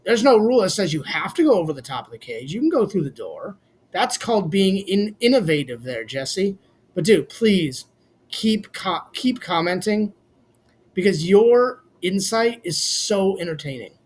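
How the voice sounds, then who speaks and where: Casual vlogger, male, high-pitched voice, blunt and opinionated, swears freely. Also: sing-song, moderate pace, slightly rough. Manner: blunt, swears casually, addresses fans as "boys". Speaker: wrestling commentary vlogger. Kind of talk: casual opinionated recap rant.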